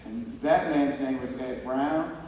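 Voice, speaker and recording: A man being honored with an award gives a heartfelt, rambling acceptance speech on stage in a large hall, full of restarts and quoted conversations. His medium-pitched voice is darkish and slow. It's recorded from far off in an echoey hall with slight background noise.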